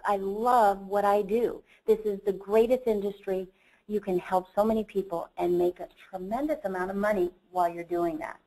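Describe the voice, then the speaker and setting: An earnest woman gives a motivational seminar talk as a company chief executive. She tells a personal story at a middling pitch, speaking plainly and directly to the audience. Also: a little mellow, rough recording. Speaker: company CEO presenting a training program.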